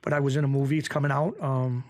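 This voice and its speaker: A man's voice: mid-range voice, quick pace. A man, telling stories as a podcast guest and acting out the voices of people in them. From Springfield, Massachusetts. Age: 50s. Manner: animated anecdotes, acts out quoted voices. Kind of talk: casual storytelling.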